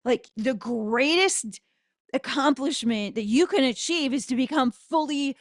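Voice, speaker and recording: A woman spiritual teacher giving an impassioned spoken prayer, loud and fervent into a close microphone, swearing for emphasis. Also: high voice, lively intonation, unhurried, no echo.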